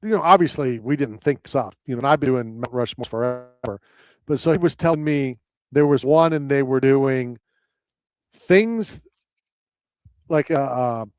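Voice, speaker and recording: A man's voice: mid-range voice, moderate pace, long pauses, darkish tone, clear, resonant tone, no room sound. A man hosting a talk radio show, telling rambling stories in casual chat. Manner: rambling storyteller, acts out voices in anecdotes.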